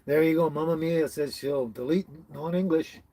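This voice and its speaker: A man with a somewhat high, husky voice hosts a laid-back livestream. He chats with viewers, chuckles often and trips over names as he reads their comments aloud. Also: normal speed, warm tone. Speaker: livestream host. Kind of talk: casual live chat reading viewer comments. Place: tiny house on wheels.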